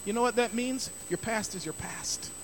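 A man's voice: sits high, normal speed, slight background noise. A middle-aged man preaching a sermon as pastor, emphatic and repeating key phrases for stress.

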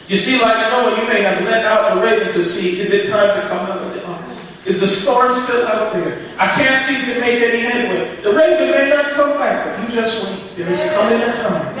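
A man's voice: extremely high pitch, a bit bright. A man preaching an emphatic sermon, repeating lines and quoting scripture. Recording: very echoey hall, from far off.

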